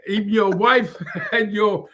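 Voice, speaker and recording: A man's voice: high-pitched, fairly even intonation, unhurried, fairly bright tone. A man co-hosting a casual faith talk show, laughing often and teasing the others. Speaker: co-host. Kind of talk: casual chat.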